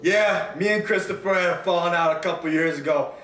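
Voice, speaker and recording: A man's voice: sits high, fairly quick, a bit bright, faint music behind. A man playing a blunt, foul-mouthed young ex-friend in an amateur mockumentary interview, swearing and scoffing. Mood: recounting. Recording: echoey room with noise.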